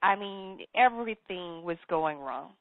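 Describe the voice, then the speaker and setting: A woman's voice: on the low side, expressive, a little slow, dry recording. Earnest woman on a tinny phone line. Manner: earnest and emphatic, repeats key phrases. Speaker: business coach and author, interview guest. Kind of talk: interview storytelling. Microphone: telephone.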